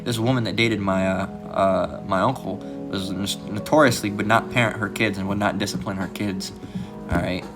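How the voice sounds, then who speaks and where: Male host, low register, casual rambling commentary, heavy on fillers, guitar music bed under the voice. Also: fairly even intonation, moderate pace. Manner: rambling, fills with "all right" and "you know"; mimics others in a raised mocking voice. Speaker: channel host. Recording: music playing behind the voice.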